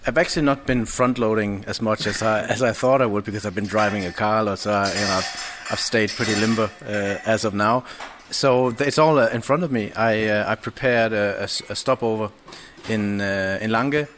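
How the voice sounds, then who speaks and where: Halting man, low voice. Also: fairly even intonation, background noise. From Denmark. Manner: halting, many restarts and fillers. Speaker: podcast guest. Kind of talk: casual chat. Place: indoors, over drinks.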